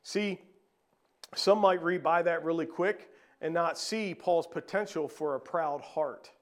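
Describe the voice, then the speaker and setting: A man preaching a sermon, reading scripture and asking rhetorical questions, swinging between a raised voice and a hushed one. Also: a little high, unhurried. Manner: reads scripture aloud, repeats phrases.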